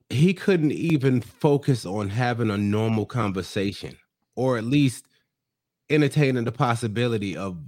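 A man's voice: mid-range voice, a little mellow. A man co-hosting a casual podcast, recapping a reality show and acting out other people's lines in shifting voices. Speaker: podcast co-host.

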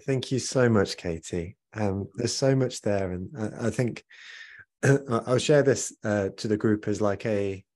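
Male webinar host, lowish voice, warm and rambling, on a video call. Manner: warm, rambling, repeats words. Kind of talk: casual thanks to guest.

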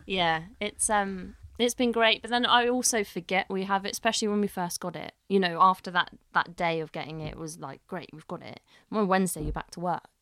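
A woman's voice: mid-range voice, brisk, few pauses, smooth, dry recording, clean studio sound. A young adult woman, a head chef, chatting casually and telling stories with acted-out quotes and the odd swear word. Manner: animated storyteller acting out quotes, swears freely. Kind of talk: casual podcast chat.

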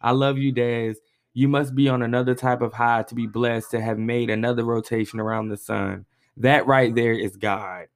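A man in his twenties casually talking to listeners on his solo podcast, lively and heartfelt, reading friends' messages aloud. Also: medium pitch, normal speed. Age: 20s. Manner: animated, reads messages aloud with feeling. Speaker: podcast host.

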